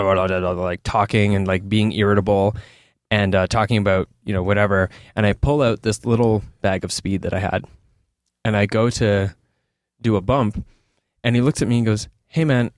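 A man's voice: lowish voice, a little fast, dry recording, studio quality. A man interview guest telling personal stories candidly, in a loose, rambling way with many fillers and restarts. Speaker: guest, author. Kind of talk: candid conversational storytelling.

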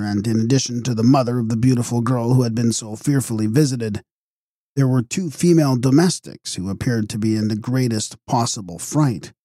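Husky-voiced man narrating gothic fiction. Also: medium pitch, no room sound, clean studio sound. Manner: steady, measured storytelling. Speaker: audiobook narrator.

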